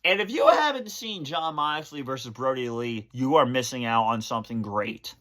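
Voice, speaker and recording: A man hosting his channel, answering fan questions on camera in a halting, emotional way, full of fillers and restarts. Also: medium pitch, expressive, a bit bright. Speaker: channel host.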